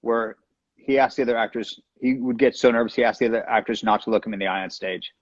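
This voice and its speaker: A man talks quickly with a husky edge, tossing off jokes and asides as a guest. His voice comes through a dull, muffled video call line. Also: mid-range voice, level tone. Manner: playful, joking, quick asides. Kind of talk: casual chat.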